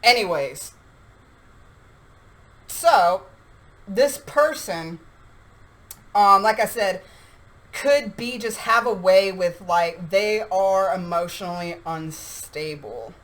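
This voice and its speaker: A woman giving a casual tarot reading straight to her viewers in a chatty, animated way. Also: medium pitch, takes it slowly, long pauses, poor audio. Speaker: tarot reader.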